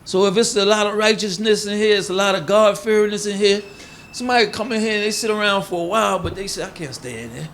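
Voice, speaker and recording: Informal preacher, fairly high voice. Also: male voice, fairly even intonation, quick pace, hardly any pauses, fairly bright tone, slight background noise. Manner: informal, conversational, acts out quoted voices. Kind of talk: sermon teaching.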